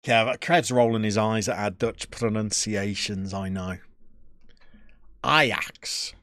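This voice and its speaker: A man's voice: lowish voice, steady tone, unhurried, no room sound. A man, chatting casually as a streamer and answering his live chat with joking, opinionated banter.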